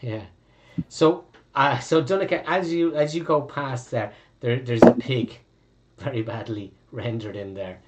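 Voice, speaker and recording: A man's voice: mid-range voice, a little slow, very noisy. A man with an Irish accent narrating as game master, rambling with fillers and the odd swear.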